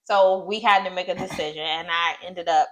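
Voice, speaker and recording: A woman's voice: steady tone, a little fast, a bit bright, poor audio. Young woman, casual couple storytelling, emotional delivery that leaps up on exclamations. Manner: emotional, rising high when exclaiming. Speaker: co-host.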